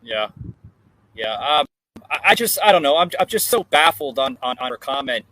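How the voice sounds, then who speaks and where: Husky, forceful podcast host, hesitant. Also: male voice, mid-range voice, very animated, moderate pace, dry recording, poor audio. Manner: hesitant, lots of filler words. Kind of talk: casual podcast chat. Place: outdoor porch.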